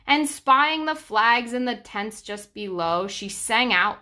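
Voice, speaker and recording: A woman's voice: fairly high pitch, lively intonation, slow pace, sharp tone. A young woman reading a rhyming children's book aloud in a sing-song manner, with dramatic drops. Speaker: storyteller.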